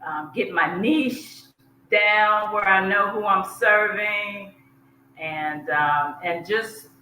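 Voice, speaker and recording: Slow-talking Southern woman in an echoey room. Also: lowish voice, sharp tone. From South Georgia, US. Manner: unhurried, chatty, laughs at herself. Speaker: podcast guest. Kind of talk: casual interview chat. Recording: echoey room with faint hiss.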